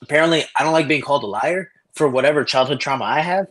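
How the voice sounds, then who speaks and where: A man co-hosting a casual podcast, telling stories in a profane, animated way over a remote connection. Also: fairly high pitch, fast. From Cicero, Illinois area. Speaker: podcast co-host. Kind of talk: casual podcast chat, storytelling. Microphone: remote call over shaky Wi-Fi.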